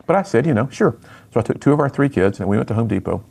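Gravelly-voiced man telling his story. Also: medium pitch, lively intonation, rapid-fire, darkish tone. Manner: earnest storytelling, acts out quoted dialogue. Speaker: youth speaker and author. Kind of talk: personal testimony in an interview.

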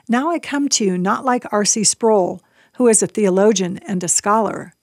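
A woman reading a Christian book aloud on a radio program, in a measured, earnest way. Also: a little high, a little mellow, no echo, clean studio sound. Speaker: book reader.

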